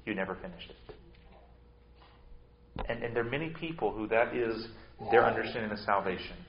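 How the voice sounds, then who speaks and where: A male pastor preaching with force, swinging from hushed lines to loud ones and repeating words as he restarts. His voice carries a roomy echo, and the sound is slightly dull. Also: fairly low pitch, normal speed, a loud crowd. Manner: emphatic preaching with sudden swings between loud and soft. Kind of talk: sermon.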